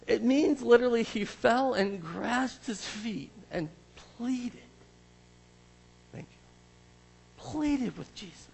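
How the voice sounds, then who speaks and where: Gravelly, husky man preaching a sermon. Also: very high-pitched, slow, pauses often, long reverb tail, low-quality recording. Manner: animated, acts out scripture scenes. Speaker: pastor.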